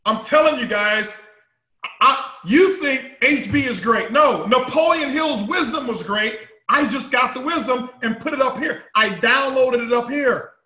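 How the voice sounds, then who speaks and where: A man with a very high, bright voice delivers an emphatic motivational talk to a live audience. He hammers home his points through repetition and breaks into shouts now and then. The sound is roomy, with a clear echo around him. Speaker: company founder speaking to his team.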